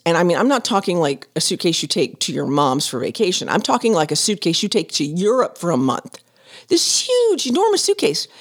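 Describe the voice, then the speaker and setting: Lively, laughing woman storyteller. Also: fairly low pitch. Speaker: podcast host. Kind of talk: casual storytelling.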